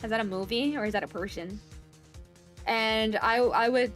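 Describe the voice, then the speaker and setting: A young woman chatting casually and playfully while streaming a game, laughing often. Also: normal speed. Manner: playful, laughs often, bursts into high squeals. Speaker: VTuber streamer. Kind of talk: casual game livestream commentary. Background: faint background music.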